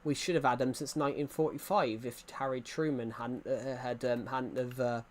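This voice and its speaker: A man's voice: medium pitch, fairly even intonation, moderate pace. A young man from England with an English accent, chatting casually to viewers while playing a game, rambling and restarting his sentences. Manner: rambling, repeats and restarts phrases. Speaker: gaming streamer. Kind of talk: casual chat while gaming.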